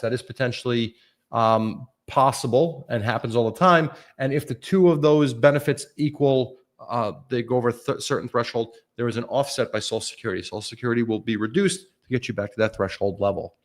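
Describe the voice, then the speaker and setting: A middle-aged man, a lawyer reading viewer questions aloud and answering them in a casual, offhand live-stream chat with jokey asides. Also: mid-range voice.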